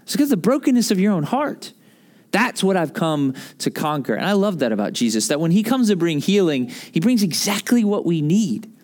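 A man's voice: high voice, very animated, fairly quick, a little mellow. A man in his thirties preaching a casual, joking sermon with lots of asides. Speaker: pastor. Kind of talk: conversational sermon.

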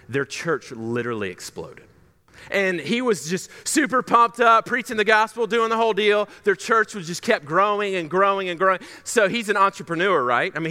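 High, bright-voiced young preacher in a hall. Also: male voice. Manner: animated, acts out quoted dialogue. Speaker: pastor. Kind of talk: sermon storytelling.

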